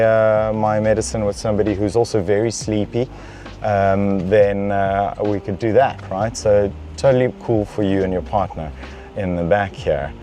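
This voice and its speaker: Sitting in a car's back seat, a young man with a low, warm voice hosts a comedic review of a luxury car, acting playfully mock-pampered. Slight background noise can be heard.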